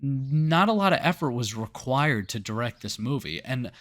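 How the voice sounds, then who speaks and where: A man co-hosting a casual movie review podcast, blunt and swearing, with quick asides. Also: medium pitch, expressive, fairly bright tone. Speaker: podcast co-host.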